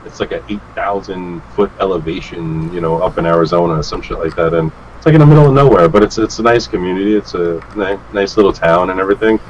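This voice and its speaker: A man's voice: low-pitched, fast talker, few pauses, muffled recording, slight background noise. A man guesting on a chat show, telling stories casually and acting out other people's lines with swearing and laughter. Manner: animated, acts out quotes with swearing and laughs. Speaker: guest, vape reviewer.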